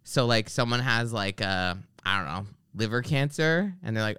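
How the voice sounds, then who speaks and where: A man's voice: fairly low pitch, normal speed, hardly any pauses, clear, resonant tone, no room sound. A man hosting a podcast, telling ranting comic stories in casual chat, swearing freely and mimicking the people in them. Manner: animated storyteller, mimics people in his anecdotes. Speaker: podcast host.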